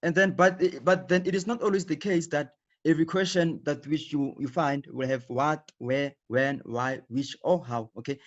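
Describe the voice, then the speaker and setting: A man's voice: a little high, fairly even intonation, normal speed. A man teaching a live online lesson, explaining patiently and repeating himself, often checking in with "okay". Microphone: video call. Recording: dull lo-fi online audio.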